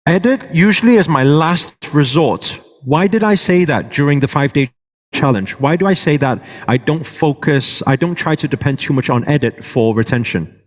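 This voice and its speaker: A man teaching a live workshop to an audience, checking in with them often and moving around as he speaks. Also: fairly high pitch. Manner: moves around while speaking. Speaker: workshop presenter. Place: large hall with a live audience. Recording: reverberant hall.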